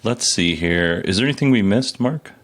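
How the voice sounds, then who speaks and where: A man's voice: lowish voice, expressive, normal speed, fairly bright tone. A man hosting a podcast, asking questions in a casual, rambling, conversational way. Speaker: podcast host.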